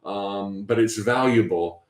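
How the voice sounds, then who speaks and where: A man hosting a spiritual workshop, talking in a gentle, encouraging way with frequent fillers and restarts. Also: lowish voice, slow, reverberant. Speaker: workshop host. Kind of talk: guided spiritual workshop talk.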